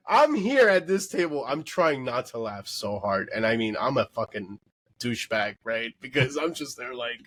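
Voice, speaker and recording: A man hosting a casual late-night podcast, telling an animated story with lots of swearing and laughter. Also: mid-range voice, measured pace, pauses often. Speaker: podcast host.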